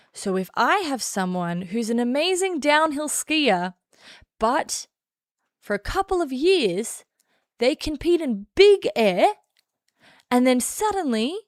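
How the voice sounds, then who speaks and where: A woman's voice: on the high side, no echo, studio quality. An Australian woman doing casual political commentary on a stream, blunt and sarcastic, often laughing.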